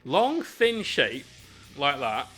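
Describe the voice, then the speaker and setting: A man's voice: mid-range voice, huge pitch swings, drawn-out words, fairly bright tone, soft background music. A British man casually telling a rambling, swear-filled story while painting miniatures on stream.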